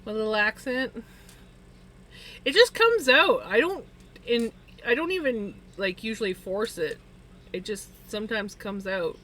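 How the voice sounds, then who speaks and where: A woman's voice: on the high side, animated, a little slow, pauses often, pushed and bright. A woman streaming from home, chatting casually and laughing often between remarks. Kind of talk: casual chat while streaming.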